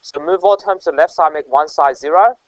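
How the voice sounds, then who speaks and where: A man walks through a math lesson patiently, pausing to check understanding with quick "right?"s. His English has a slightly non-native phrasing. The voice sits a touch high, and the audio is dry and a little muffled. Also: no echo. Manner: explaining step by step with frequent check-ins. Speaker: math tutor.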